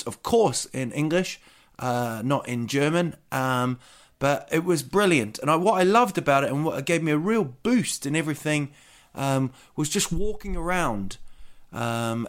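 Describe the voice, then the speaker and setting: Chatty New Zealand man hosting a podcast. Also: a little high. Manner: rambling, chatty, jokey. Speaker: podcast host. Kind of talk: casual chat.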